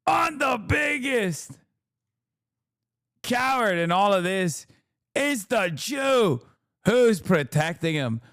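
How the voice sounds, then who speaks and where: A man doing a mocking impression of an indignant middle-aged woman pundit, speaking slowly and drawing out every outraged phrase. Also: high-pitched, sing-song, a bit bright, no room sound, studio quality, exaggerated voice. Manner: slow, drawn-out, outraged. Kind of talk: mocking impression during stream.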